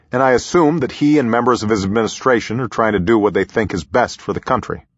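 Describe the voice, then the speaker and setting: A man reading his own memoir aloud in a measured, reflective storytelling manner, in a slightly muffled recording. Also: mid-range voice, fairly bright tone, breathy edge, no echo. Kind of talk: audiobook memoir narration.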